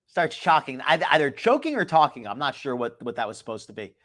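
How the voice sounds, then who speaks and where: A man's voice: medium pitch, very animated, fast talker, a bit bright. A man hosting a live stream, chatting casually, greeting viewers from the chat and adding sarcastic asides. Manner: chatty, reads chat names aloud, frequent restarts and sarcastic asides. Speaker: live stream commentary host.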